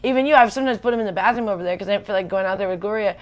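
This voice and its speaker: A woman's voice: medium pitch, dull audio. Ranting, worked-up woman. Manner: ranting, worked up, fast and emphatic. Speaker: livestream vlogger. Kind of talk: casual venting chat.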